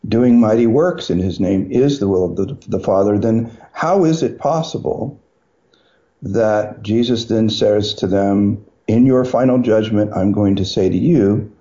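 A man's voice: lowish voice, warm tone. Brief: man radio guest, teacherly and thoughtful, slightly dull studio sound. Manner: measured, quotes scripture, thoughtful pauses. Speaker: guest, institute president. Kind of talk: radio talk, scripture teaching.

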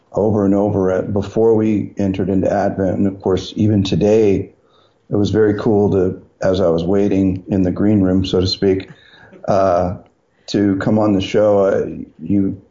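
A man guest on a radio talk show, explaining scripture in a measured way with thoughtful pauses. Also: low voice, mellow, highs cut off. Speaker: guest, institute president.

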